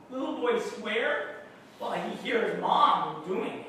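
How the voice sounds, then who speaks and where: A male pastor giving a sermon, speaking slowly and deliberately and putting questions to his congregation. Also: high voice, sing-song, sharp tone, a little hiss or hum. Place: church hall. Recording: very echoey room, mic far off.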